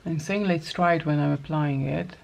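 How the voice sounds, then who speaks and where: A woman's voice: deep voice, normal speed, creaky. A middle-aged woman chatting casually through a get-ready-with-me makeup routine, thinking aloud as she applies each product. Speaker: makeup vlogger.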